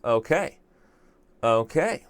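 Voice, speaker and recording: A man's voice: medium pitch, big pitch swings, extremely slow, no echo. A young man hosting a chess show, chatting casually and thinking aloud as he works through a puzzle, with self-mocking humor. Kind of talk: casual live-stream commentary.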